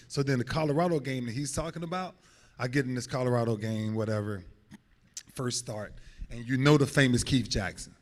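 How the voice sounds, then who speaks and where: A man in his forties holds the floor as a guest speaker, spinning stories in a lively, animated way. He acts out each quote, his pitch leaping high and dropping low as he goes. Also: quick pace. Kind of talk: lively storytelling. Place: hotel banquet hall.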